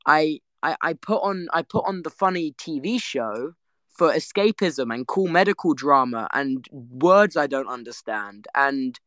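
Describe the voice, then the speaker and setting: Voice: mid-range voice, expressive, a little slow, a bit bright, dry recording. A young adult vlogger, telling a story to camera in a giggly, rambling way that trails off mid-sentence.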